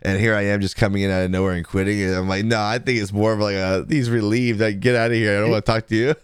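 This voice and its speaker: Male podcast co-host, 30s, low and smooth, rambling storyteller who laughs a lot. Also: steady tone, quick pace, no echo, studio quality. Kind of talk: casual chat.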